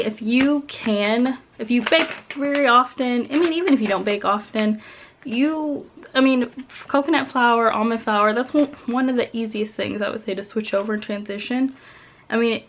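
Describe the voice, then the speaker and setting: A woman's voice: a little high, slight background noise. Chatty young woman vlogger. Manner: chatty, filler-heavy, enthusiastic about favorites. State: out of breath. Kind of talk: casual product talk to camera.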